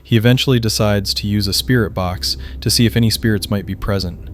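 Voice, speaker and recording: A man giving scripted narration of camping encounters in an even, measured storytelling manner. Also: fairly low pitch, background noise.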